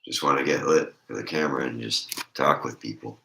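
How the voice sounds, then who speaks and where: A man chatting casually on a stream with a congested throat, talking in a slow ramble; his voice squeaks and crackles when he raises it. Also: creaky, bright, forceful tone, roomy sound.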